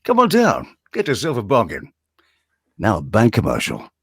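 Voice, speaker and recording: Parody ad voice: a hammy male radio announcer, drawn-out and over the top, as a man puts him on. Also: fairly low pitch, wildly swooping pitch, breathy edge, no room sound, clean studio sound, voice pushed down, full character voice. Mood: hammy salesman. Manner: slow, over-the-top salesy delivery.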